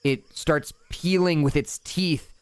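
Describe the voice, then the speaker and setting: A man narrating a tabletop game as dungeon master, setting scenes calmly and chatting casually between rolls. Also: on the high side, slow, clean tone, no room sound. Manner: calm, descriptive scene-setting with casual asides.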